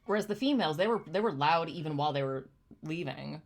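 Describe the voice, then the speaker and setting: A woman's voice: sits low, lively intonation, fast. A young woman streamer giving casual, emotional commentary, thoughtful and gushing by turns. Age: young adult. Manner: emotional, gushing, often near tears; thoughtful, explaining in plain terms. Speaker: streamer reacting to chimp videos.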